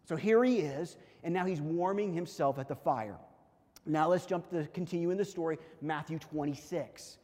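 A man preaching a sermon as a pastor, reading scripture aloud and acting out the quoted lines with swings from loud to quiet. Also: a little high, in a large hall. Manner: animated, acts out quoted lines, drops to quiet intensity.

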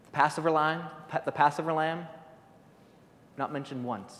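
A man's voice: fairly high pitch, fairly even intonation, moderate pace, fairly bright tone. A man giving an informal guest sermon, talking off the cuff with many stumbles, repeated words and restarts. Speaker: guest speaker. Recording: long hall reverb.

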